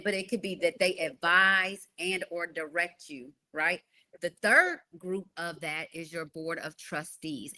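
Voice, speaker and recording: A woman in her forties, a guest author explaining her ideas in a podcast interview, often checking in with "right?". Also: fairly low pitch. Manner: animated, explains with repeated "right?".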